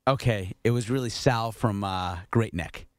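A male producer on a sports talk show speaks on a dry studio mic. He fires back quick, joking banter at the host, keeping it light and teasing. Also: lowish voice, dry recording. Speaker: radio producer. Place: radio studio. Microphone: studio microphone.

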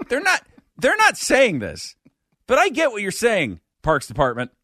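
A man hosting a comedy podcast, telling stories with sardonic, animated delivery. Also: high-pitched, measured pace, no room sound, clean studio sound. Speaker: podcast host.

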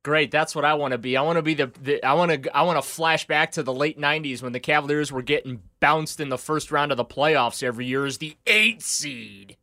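A man's voice: a little high, brisk, few pauses, bright, forceful tone. A man co-hosting a casual sports talk show, ranting with sarcastic, dry jabs. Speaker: sports radio co-host.

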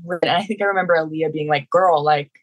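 A woman's voice: deep voice, rapid-fire, poor audio. Giggly young woman guest. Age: 20s. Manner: giggly, relaxed storytelling. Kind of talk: casual chat.

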